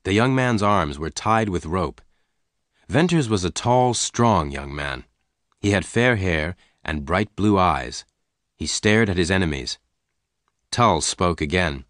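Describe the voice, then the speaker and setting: Deep-voiced man reading slowly for learners. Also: no echo, studio quality. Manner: even, deliberate reading for learners. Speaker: narrator. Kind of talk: slow, clear graded-reader narration.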